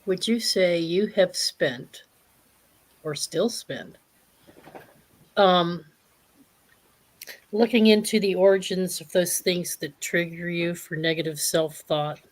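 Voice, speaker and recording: A woman with a lowish voice hosts a casual group discussion. She asks her questions slowly and thoughtfully, with long pauses between phrases. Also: low-quality recording. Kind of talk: casual chat.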